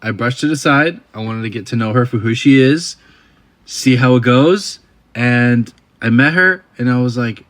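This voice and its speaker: A young man telling a comic dating story with deadpan, wry asides. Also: medium pitch, normal speed.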